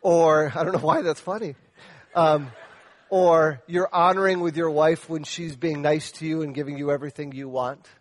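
A male pastor preaching with fervor, his voice sitting a little higher than most men's. He swings between forceful, raised exhortation and quiet, earnest asides, pressing his listeners with direct questions. The sound is dry and close, with little room echo. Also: steady tone, moderate pace. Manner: addresses the men directly with questions. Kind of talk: sermon.

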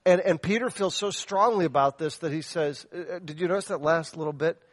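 A man's voice: on the high side, brisk, dry recording. Impassioned male pastor, dry sound. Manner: impassioned, swinging from loud exhortation to soft earnest asides; addresses the men directly with questions. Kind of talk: sermon.

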